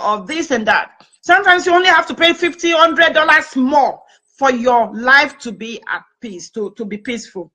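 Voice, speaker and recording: A woman's voice: fairly high pitch, pushed and bright, poor audio. A woman chatting on a talk show, earnestly giving advice and retelling conversations. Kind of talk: casual talk-show chat with storytelling.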